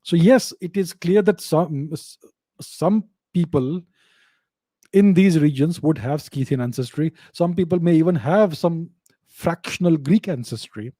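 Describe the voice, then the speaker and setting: A man's voice: a little high, measured pace, warm tone, no echo. A middle-aged man, hosting a live question-and-answer stream and explaining points emphatically with frequent hesitations. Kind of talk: live Q&A talk.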